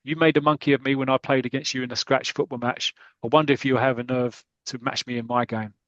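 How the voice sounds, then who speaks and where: A man plays a cocky rival flyer from a football comic. His taunts come out sneering, in an ordinary mid-pitched voice with a dry sound. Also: level tone, quick pace, fairly bright tone, dry recording, lo-fi sound, close to an everyday voice. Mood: taunting.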